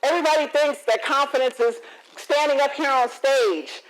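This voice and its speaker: A woman motivational speaker telling a personal story in a keynote talk, animated and often acting out the dialogue. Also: sits high, normal speed, slight background noise, poor audio. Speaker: motivational speaker and confidence coach.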